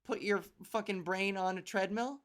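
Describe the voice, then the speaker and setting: A young woman from Canada hosting a podcast, telling a comic story in a casual, self-deprecating way with frequent laughter and a buzzy edge to her voice. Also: mid-range voice. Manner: self-deprecating, laughs often, acts out quick exchanges. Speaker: podcast host. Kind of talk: casual comedic monologue.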